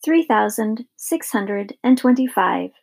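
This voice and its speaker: A woman voicing a cold, scornful old witch who counts her gold in a slow, flat, menacing way. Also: on the high side, vocal fry, full character voice. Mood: cold, counting. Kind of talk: audiobook character reading.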